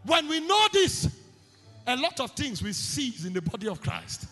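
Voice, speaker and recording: Man, preacher, fervent sermon, shouts and repeats phrases, long hall echo, soft music behind. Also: very high voice, sing-song, moderate pace.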